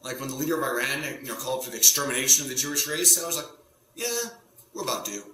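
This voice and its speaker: A male stand-up comedian addresses the camera from a home setup in front of a green screen, rambling provocatively and repeatedly interrupting himself before circling back. His mid-range voice is bright and forceful with a steady tone and rapid-fire pace. The audio is roomy and echoey, with a faint hum underneath.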